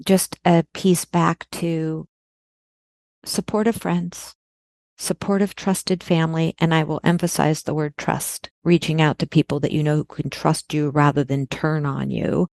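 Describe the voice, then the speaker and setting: A woman's voice: sits low, vocal fry, a little mellow, no echo. A woman speaking earnestly in a podcast conversation, stressing key words by repeating them.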